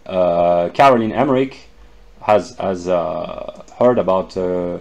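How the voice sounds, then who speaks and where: Halting man lecturing. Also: low voice, creaky, darkish tone, highs cut off. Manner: halting, many fillers and restarts. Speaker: lecturer explaining a chart. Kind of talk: unscripted spoken lecture.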